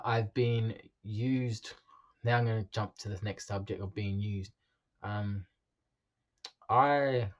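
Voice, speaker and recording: Halting man, lowish voice. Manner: halting, with frequent ums and restarts. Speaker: vlogger telling his life story. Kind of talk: personal confessional storytelling.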